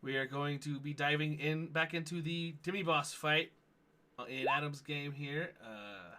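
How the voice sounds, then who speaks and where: A man in his thirties hosting a tabletop game stream, chatting loosely with lots of fillers and quick laughs. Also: fairly high pitch, vocal fry, sharp tone. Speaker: player and show host. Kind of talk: casual chat introducing a tabletop game stream.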